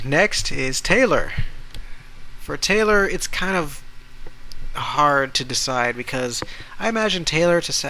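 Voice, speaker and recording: Young male podcast host, bright tone, halting delivery, faint room hum. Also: medium pitch, creaky, poor audio. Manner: halting, many restarts and fillers. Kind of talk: casual solo podcast.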